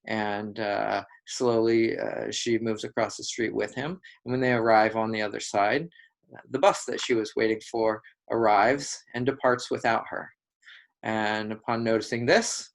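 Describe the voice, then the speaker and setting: A man leading an educational talk on relationship dynamics, telling example stories in a relaxed way, with frequent fillers and restarts. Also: medium pitch, gravelly. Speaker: group facilitator.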